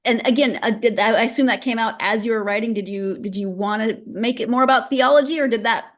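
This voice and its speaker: A woman's voice: a little high, brisk. A woman hosting a podcast interview, chatty and casual, often restarting her sentences. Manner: chatty, with frequent restarts and laughs. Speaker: podcast host.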